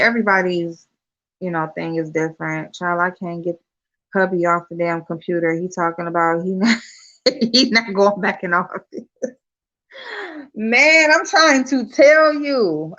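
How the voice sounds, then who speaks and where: A woman's voice: medium pitch, unhurried. Chatty swearing woman, dull lo-fi sound. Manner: loud and expressive, laughs a lot, swears casually. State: yawning, tired. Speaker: vlogger. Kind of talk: casual chat to viewers.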